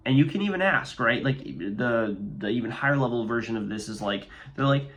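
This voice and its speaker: A man's voice: mid-range voice, expressive, fairly quick, fairly bright tone. A man who runs a landscaping business, giving casual, upbeat advice in a walk-and-talk vlog and often checking in with "okay?".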